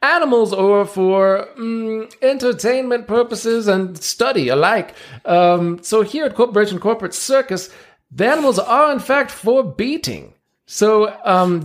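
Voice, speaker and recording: Callous male circus ringmaster, put on by a man, high-pitched, lively grandiose announcer style. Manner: grandiose announcer delivery, drawn-out.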